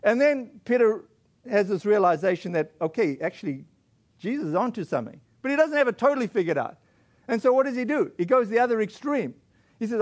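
A man preaching a sermon as pastor in a relaxed, conversational way, with frequent fillers and restarts. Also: high voice, a little fast. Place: church.

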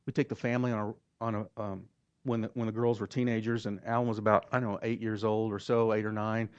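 Folksy Oklahoma preacher, dull dry recording. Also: male voice, fairly low pitch, level tone, darkish tone, clean tone, no room sound. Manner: folksy, halting, repeats words. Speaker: pastor. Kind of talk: storytelling sermon.

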